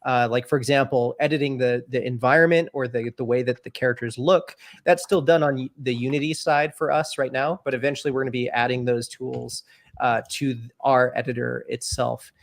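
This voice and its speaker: A man with a gravelly, creaky voice walks through a software demo in a loose, thinking-aloud way. He comes through a video call mic and pauses often to find his words. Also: medium pitch. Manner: relaxed, thinking aloud with fillers. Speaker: developer demoing a product. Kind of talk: casual live-stream demo.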